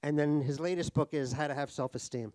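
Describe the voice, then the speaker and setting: Speaking at moderate pace, a middle-aged author from New York chats on stage in a cultural center event hall, poking wry fun at himself with many restarts. His voice is a little high, darkish and fairly even in intonation, with no echo.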